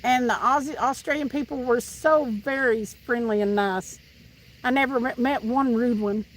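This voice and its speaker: A Tennessee woman with a high voice talks casually to her live audience, reading their comments aloud. She laughs easily and restarts her sentences a lot. She is outdoors fishing, and faint noise from outside sits behind her voice. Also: moderate pace, low-quality recording. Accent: Southern US, Tennessee. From Tennessee, USA. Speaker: livestream host reading chat. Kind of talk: casual chat with live viewers.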